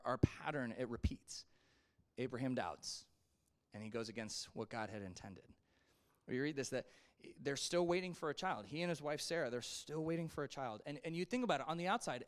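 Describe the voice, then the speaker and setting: A young adult man teaching a Sunday school lesson in a relaxed, conversational way, acting out the people he quotes. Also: fairly high pitch. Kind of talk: casual Bible lesson.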